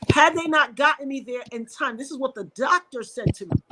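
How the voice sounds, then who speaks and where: A woman's voice: brisk, background noise. A woman from New York, a podcast guest, telling an emotional personal story and acting out the voices of the people in it. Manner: animated, reenacts dialogue with sharp pitch jumps.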